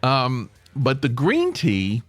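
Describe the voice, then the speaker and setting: A man hosts his podcast solo, rambling along with playful asides and plenty of restarts. His pitch swings up and down, and his voice sounds dry and close. Faint music plays underneath. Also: huge pitch swings, takes it slowly, no echo. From United States. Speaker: podcast host. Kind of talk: casual solo podcast monologue.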